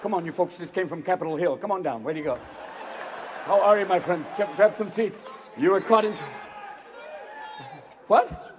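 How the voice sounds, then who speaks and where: A man performing stand-up comedy, crude and animated, laughing along with the audience. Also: high-pitched, moderate pace, pauses often, background noise. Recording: live hall with loud crowd.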